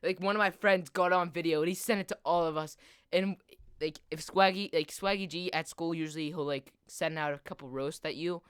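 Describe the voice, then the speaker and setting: A man's voice: a little high, steady tone, a little fast, a bit bright, clean tone, dry recording, studio quality. A teenage boy telling a long story while he games, rambling and filling nearly every phrase with "like". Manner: rambling, constant "like" fillers. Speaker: gaming video host. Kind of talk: casual storytelling over gameplay.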